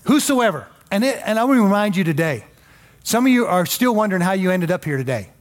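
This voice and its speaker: A man's voice: high voice, very animated, fast. A male pastor preaching a sermon in a folksy, emphatic way with joking asides.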